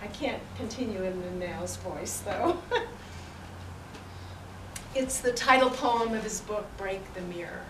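A woman reminiscing and reading poetry aloud at a peace forum, in an unhurried, warmly reminiscing way. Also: mid-range voice, expressive. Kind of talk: spoken recollection and poetry reading. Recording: roomy, distant, noisy event recording.

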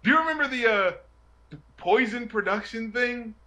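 A man hosting a casual chat, telling stories in an animated way and often breaking into laughter. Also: very high-pitched, moderate pace. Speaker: music video reviewer and show host.

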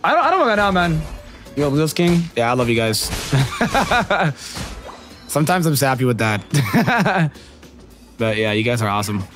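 A man's voice: on the high side, big pitch swings, a little slow, pauses often, fairly bright tone, soft background music. A man streaming a game and chatting with viewers, slangy and profane and laughing often. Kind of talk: casual livestream chat with viewers.

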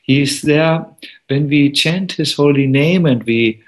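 A man giving a devotional talk as a monk, telling a story in an unhurried, gentle way with many pauses. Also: a little high.

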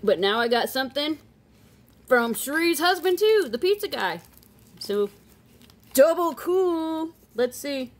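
A woman casually chatting as she unboxes silver pieces, playful and chatty, breaking into excited squeals and sing-song calls. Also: sits high, a little slow. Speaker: silver coin collector vlogger.

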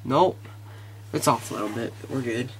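A man casually commentating his video game, excitable and easily frustrated, muttering to himself. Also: mid-range voice, moderate pace, slight background noise. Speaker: gamer.

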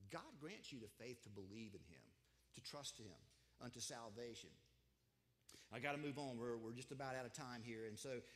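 A man's voice: medium pitch, normal speed, a bit bright. A man preaching a sermon as pastor, conversational and emphatic, firing off rhetorical questions to his congregation. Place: church sanctuary. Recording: long hall reverb.

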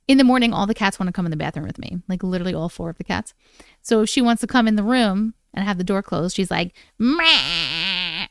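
A woman hosting a casual live stream from home, chatty, gushing and affectionate as she talks with viewers. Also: mid-range voice. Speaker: live-stream host reading viewer stories. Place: at home with her cats.

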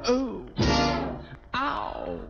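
A man's voice: very high voice, very slow, vocal fry, over loud music, heavily acted. A man singing as a timid little man ogling bathing beauties on a novelty record, crooning with yelps of "ooh, ow". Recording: dull lo-fi 1950s record with band.

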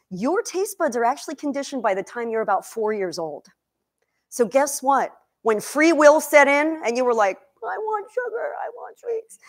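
High, energetic woman addressing an audience. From Egypt. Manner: energetic, questions the audience, emotional. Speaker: nutrition coach and cookbook author. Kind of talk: lively cooking demo talk to a live audience. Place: demo kitchen with audience.

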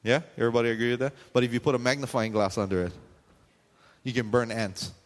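Joking preacher in a reverberant hall. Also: male voice, mid-range voice, quick pace. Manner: conversational, joking asides to the congregation; frequent questions and call-outs to the audience. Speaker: pastor. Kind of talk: sermon.

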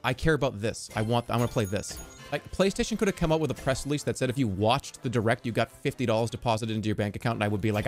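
A man streaming a game, talking in an excitable, joking, profane way. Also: mid-range voice, fast, soft background music. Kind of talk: casual gameplay commentary.

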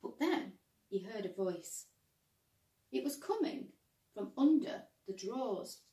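Slow, expressive woman reading a picture book. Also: medium pitch. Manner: gentle, expressive storytelling. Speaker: primary school teacher. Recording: roomy, distant mic.

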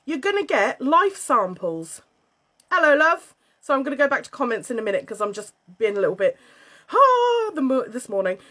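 A British woman hosting a casual livestream from home, bubbly, excitable and a bit scatty as she chats to viewers. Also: sits high, moderate pace. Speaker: livestream host selling beauty and wellness kits. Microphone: phone.

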